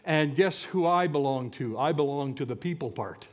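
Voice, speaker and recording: A middle-aged man preaching a sermon as pastor, animated and asking the congregation rhetorical questions. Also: fairly high pitch, normal speed. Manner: animated, rhetorical questions, mock-whiny quoting.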